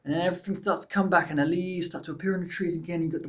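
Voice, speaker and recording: A man's voice: sits high, steady tone, very fast. Rambling man vlogging offhand. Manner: rambling, offhand, swears freely. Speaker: YouTuber. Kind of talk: casual rambling vlog monologue.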